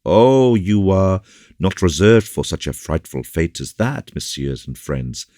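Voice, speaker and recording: A man's voice: sits low, big pitch swings, a little slow, mellow, no echo, studio quality, pitched above the performer's own voice. A man voicing a polite, gallant young male officer, reading in an eager, courteous manner.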